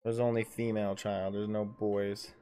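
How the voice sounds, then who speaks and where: A man's voice: fairly low pitch, level tone, normal speed, warm tone, smooth, soft background music. Laid-back man running a tabletop game. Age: 30s. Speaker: dungeon master. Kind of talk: casual livestream game mastering.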